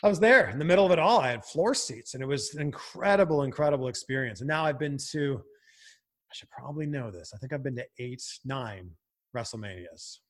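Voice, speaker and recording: A man from Canada who hosts and chats casually, animated and quick to laugh, with lots of fillers. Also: medium pitch. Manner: animated, laughs often, chatty with many fillers. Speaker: broadcaster and host. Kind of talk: casual podcast chat.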